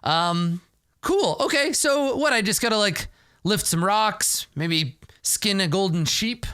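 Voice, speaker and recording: A man's voice: high voice, expressive, slow, pushed and bright, clean tone, dry recording, clean studio sound, pitched above the performer's own voice, exaggerated voice. A man doing a flippant, jittery adventurer. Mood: grumbling. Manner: nervous, flippant quips. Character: sarcastic, cowardly-cheeky young male adventurer.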